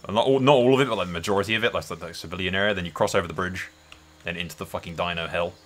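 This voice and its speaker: A man's voice: sits low, racing, fairly bright tone. A man doing casual let's-play commentary, thinking aloud and swearing often. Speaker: gameplay host.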